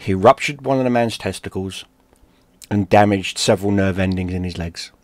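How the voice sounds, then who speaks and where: A man from London, a gaming streamer, telling a personal story in a lively, profane way. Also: low voice, normal speed, dry recording. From London, England. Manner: animated, profane, acts out shouted quotes.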